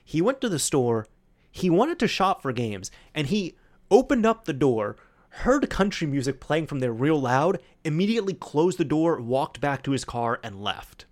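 A man's voice: on the high side, very animated, moderate pace. Chatty man telling rambling stories. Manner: chatty, rambling with fillers and acted-out quotes. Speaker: podcast host. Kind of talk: solo casual storytelling.

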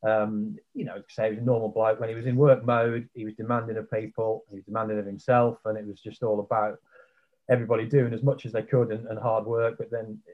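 A man's voice: fairly low pitch, little pitch movement, fast, phone-quality sound. A man guesting on a podcast, reminiscing in casual chat and often tagging on questions like "wasn't he?". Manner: reminiscing, leaning on tag questions.

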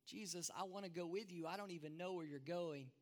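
A man's voice: very high-pitched, a little slow, pushed and bright, voice pushed up, heavily acted. A man voicing Thomas as an anxious, doubting disciple who pleads for answers. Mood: pleading. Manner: pleading, worried. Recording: long reverb of a large hall.

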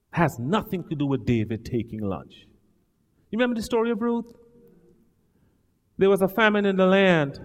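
Animated male preacher in an echoing hall. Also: fairly high pitch. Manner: emphatic and dramatic, with sudden loud swells. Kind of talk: sermon. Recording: long hall reverb.

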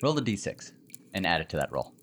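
A man narrating as game master, relaxed and descriptive with casual fillers. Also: low-pitched, fast talker. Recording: faint background noise.

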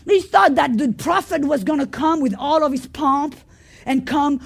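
A woman preaching a sermon, telling the story by acting out the characters' voices and moving from quiet asides to loud exclamations. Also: sits high, expressive, measured pace, gravelly.

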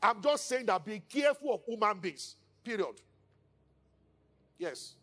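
A man with a Nigerian accent preaching a sermon as pastor, animated and acting out quoted speakers in hushed tones. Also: sits high, unhurried.

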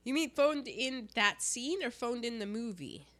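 Woman, podcast co-host, casual film chat, jokey, very expressive pitch. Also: measured pace. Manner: animated, jokey, acts out quotes.

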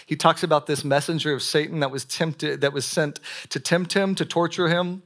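Young guy preaching to a young adults group, fairly high voice, chatty and lively, talks to the crowd. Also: moderate pace. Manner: lively, conversational preaching with many "like"s and audience questions. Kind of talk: sermon. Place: church meeting room with a live audience.

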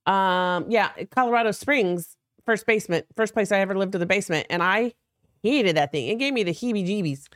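A woman's voice: mid-range voice, brisk, no room sound, clean studio sound. A middle-aged woman co-hosting a comedy podcast, speaking bluntly and animatedly, with frequent swearing. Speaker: podcast co-host. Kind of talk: casual comedy podcast chat.

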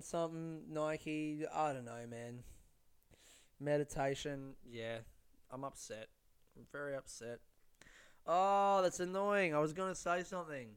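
A man's voice: fairly high pitch, smooth, no room sound. A man hosting a casual solo podcast, ranting in a rambling, profane way with lots of restarts. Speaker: podcast host.

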